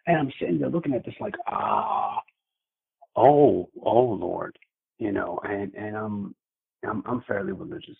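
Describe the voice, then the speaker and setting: A man calling in to tell a frightening personal story, halting and repeating his words with many fillers. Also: lowish voice, expressive, gravelly, breathy edge, phone-quality sound.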